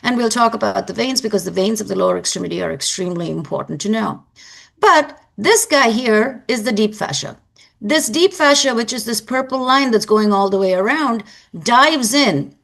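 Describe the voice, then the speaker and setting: Woman lecturing anatomy, gravelly edge. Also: fairly high pitch, fairly bright tone. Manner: explanatory, repeats key points for emphasis.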